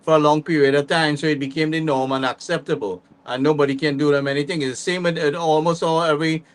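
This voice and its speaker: A man's voice: a little high, steady tone, quick pace. Indignant male talk-show host. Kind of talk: commentary on current affairs.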